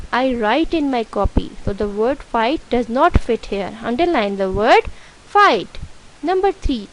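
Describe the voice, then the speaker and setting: Pakistani woman teacher for a young children's class, a bit high-pitched, patient step-by-step questioning, faint hiss. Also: expressive, rough recording. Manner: slow, explaining step by step, asking questions. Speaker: school teacher.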